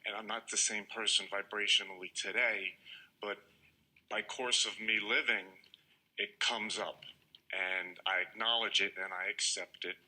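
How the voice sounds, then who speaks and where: A man in a seminar audience earnestly describing a personal problem, speaking in a searching, halting way. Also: fairly low pitch, steady tone, sharp tone, poor audio. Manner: searching, halting, restarts mid-thought. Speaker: audience member asking a question.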